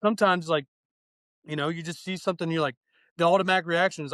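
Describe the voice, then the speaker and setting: Man, high voice, excitable, profane, podcast guest, dry close mic. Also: fast talker, no room sound. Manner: excitable, profane, acts out little dialogues. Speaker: guest, fire training instructor. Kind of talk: casual podcast chat.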